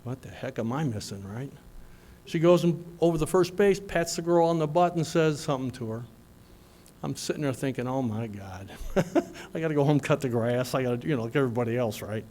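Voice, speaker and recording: A middle-aged man speaks at a graduation in a folksy, storytelling manner. His delivery is animated, full of asides to the crowd. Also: mid-range voice, fairly quick. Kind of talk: motivational speech with storytelling.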